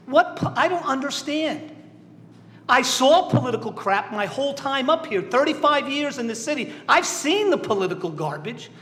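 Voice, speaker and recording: A man's voice: very high voice, sharp tone. A middle-aged man with a Southern New England accent speaking as a city council member at a public meeting, emotional and blunt, repeating himself for emphasis. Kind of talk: impassioned speech at a public meeting. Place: large echoey meeting chamber. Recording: echoey council chamber with long reverb, faint noise.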